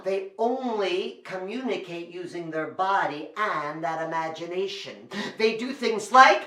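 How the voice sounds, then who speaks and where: A man hosting a lively show for children, bouncing all over his pitch with big, playful exaggeration. His voice is bright and ringing, and the recording carries a roomy echo. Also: a little slow, hardly any pauses. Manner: animated, playful, exaggerated kid-show delivery. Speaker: children's entertainer and storyteller. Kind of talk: lively performance for children at home.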